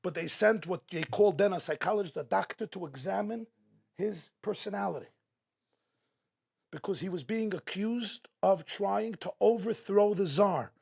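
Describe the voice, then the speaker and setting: Husky, gravelly man giving an inspirational talk. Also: high voice, moderate pace, darkish tone. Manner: dramatic, repeating rhetorical questions. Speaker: guest speaker at a religious gathering. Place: event hall, live before an audience.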